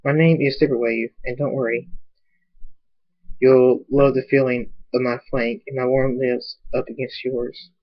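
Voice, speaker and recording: Silverwave, a soft-spoken flirty pony stallion as a man puts him on. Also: mid-range voice, level tone, unhurried, dull audio, close to an everyday voice. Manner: soft, teasing, seductive.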